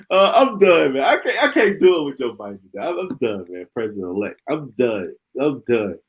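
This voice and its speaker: A man's voice: fairly high pitch, low-quality recording. A man hosting a live stream, ranting in an exasperated, sarcastic way and often repeating himself. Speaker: podcast host.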